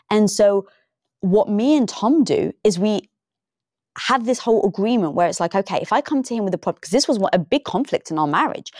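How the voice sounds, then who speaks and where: A woman guest in a casual interview, telling lively stories and acting out the lines she quotes. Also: fairly high pitch, dry recording, clean studio sound. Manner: animated storytelling, acts out quoted dialogue. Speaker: podcast guest.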